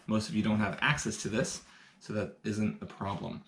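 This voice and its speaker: A man's voice: on the low side, normal speed, creaky, a bit bright. A man hosting a live-streamed science lesson, upbeat and talking straight to his viewers. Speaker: science educator.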